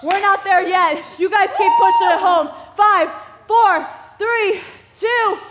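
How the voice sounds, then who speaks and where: A woman fitness instructor leading a workout class, energetic and encouraging, calling out counts and moves. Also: extremely high pitch, slow.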